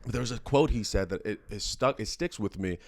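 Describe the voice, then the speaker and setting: Low-voiced earnest male podcast host. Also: dry recording. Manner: earnest and halting, full of restarts; emotional and reflective. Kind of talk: casual conversational interview.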